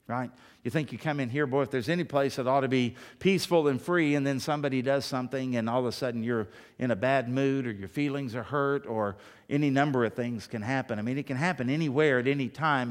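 A middle-aged man preaching a sermon, telling folksy stories and swinging between loud bursts and hushed asides. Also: mid-range voice. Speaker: pastor.

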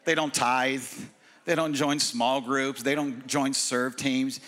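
Bright-voiced energetic male preacher. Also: mid-range voice, a little slow. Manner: energetic, casual preaching with slang and humor. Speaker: pastor. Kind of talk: sermon. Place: church service.

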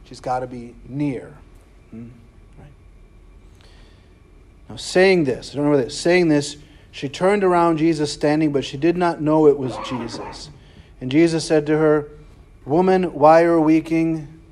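A man's voice: a little high, measured pace, long pauses, darkish tone, slight background noise. A man preaching a casual Bible class, conversational and full of "right?" and slangy asides. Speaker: preacher teaching a scripture class.

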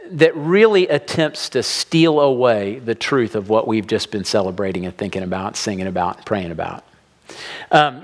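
A man preaching a sermon to his congregation, animated and acting out the voices of people he quotes. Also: mid-range voice. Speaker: pastor.

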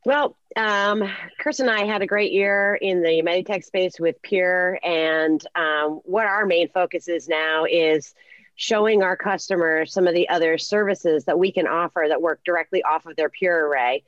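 A woman guest on a podcast, a healthcare solutions specialist, explaining her work in a measured way. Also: lowish voice, no echo, lo-fi sound. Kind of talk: conversational interview.

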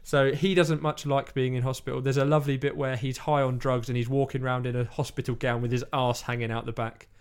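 A man's voice: mid-range voice, flat delivery, quick pace, few pauses, smooth. A man in casual chat, retelling a film plot in a rambling way and acting out lines. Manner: rambling storytelling, acts out quotes.

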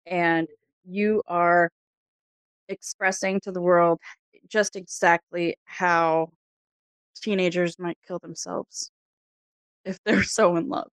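A woman's voice: on the low side, flat delivery, slow, long pauses, clear, resonant tone, no room sound. A woman joining her spouse's podcast chat with dry, teasing remarks. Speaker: podcast co-host, the host's wife.

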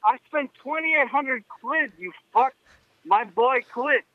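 A caller putting on a wobbly Irish accent plays a drunk, angry fight fan who stammers, swears and repeats himself. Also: male voice, very high-pitched, takes it slowly, dry recording. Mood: furious. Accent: put-on Irish accent drifting to Middle Eastern. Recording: dull lo-fi phone line with faint noise.

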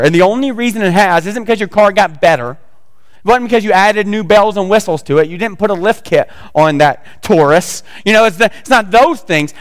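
A man's voice: sits high, big-room sound. A man preaching a sermon as pastor, talking conversationally with joking asides to the congregation.

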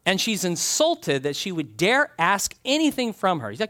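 A man preaching a sermon, reading scripture aloud and telling stories with animated little acted-out scenes. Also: sits high, normal speed. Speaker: pastor.

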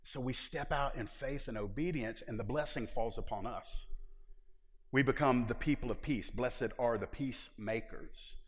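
A male pastor preaching a sermon in a church hall. He is emphatic and folksy, stretching out key words, and he drops to a hushed tone for tender passages. His voice carries a long echo in the large room. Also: medium pitch. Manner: emphatic, drawls folksy phrases.

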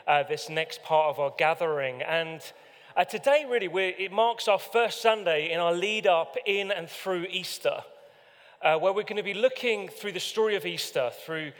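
Male preacher, slightly high-pitched, earnest and chatty delivery with fillers, recorded with long hall reverb. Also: moderate pace, a bit bright. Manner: earnest, conversational, with frequent fillers. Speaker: pastor. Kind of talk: sermon with scripture reading.

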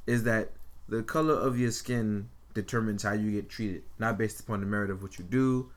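A man's voice: fairly low pitch, fairly even intonation, moderate pace. A man in a casual group conversation, talking in an earnest, preachy way.

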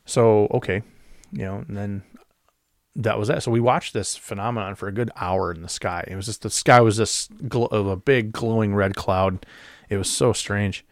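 A man's voice: on the low side, normal speed, dry recording, clean studio sound. A middle-aged man, a former radio DJ, casually telling strange stories from his past with many fillers and restarts. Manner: relaxed, with frequent fillers and restarts. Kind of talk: casual storytelling.

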